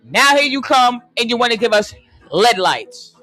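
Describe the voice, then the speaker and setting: A livestream host ranting emphatically, often repeating "excuse me" and "hold on", swinging between loud and hushed and drawing out key phrases into a phone. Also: mid-range voice, lively intonation, normal speed, soft background music. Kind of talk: conspiracy rant on a live stream.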